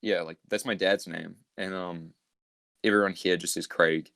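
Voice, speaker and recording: A young man with a New Zealand accent, talking in a very low voice with a relaxed, easygoing drawl. He swears casually and leans on fillers. The sound is dry and close. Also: moderate pace, gravelly, no echo. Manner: laid-back, loose and swearing, many fillers. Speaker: podcast guest. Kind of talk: casual chat.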